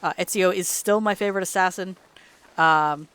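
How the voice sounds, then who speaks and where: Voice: medium pitch, normal speed, a bit bright, clean tone. A let's play host rambling in casual gameplay commentary, chatty and laughing often, sleepy and yawning late at night.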